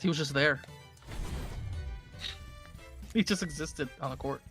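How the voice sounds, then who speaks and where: A man's voice: a little high, measured pace, a bit bright, soft background music. A young man chatting casually on a game stream, rambling and teasing with a playful manner. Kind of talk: casual gaming stream chat.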